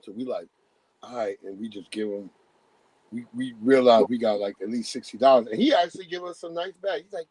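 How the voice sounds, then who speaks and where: A man's voice: medium pitch, expressive, brisk, a little mellow, breathy edge, rough recording. A young man from Long Island, New York, telling a story in casual podcast chat. He acts out the voices of the people in it and uses plenty of profane slang. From Hempstead, Long Island, New York. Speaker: storyteller guest.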